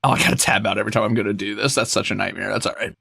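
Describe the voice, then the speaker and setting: A man chatting casually while streaming a game, playful and animated, with sudden squeals, mock scolding and casual swearing. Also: on the low side, rapid-fire, gravelly, husky, no room sound, studio quality. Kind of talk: casual game livestream chat.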